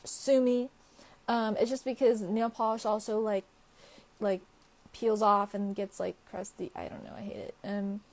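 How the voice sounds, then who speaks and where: A woman's voice: on the high side, dark tone. A young woman chatting casually to viewers on a livestream, rambling with lots of fillers and frequent laughs. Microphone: phone or webcam livestream.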